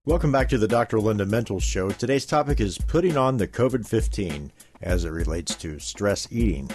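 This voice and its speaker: A man's voice: lowish voice, lively intonation, moderate pace, darkish tone, soft background music. A man co-hosting a talk show, reading promos and setting up topics in a friendly announcer manner. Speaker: co-host.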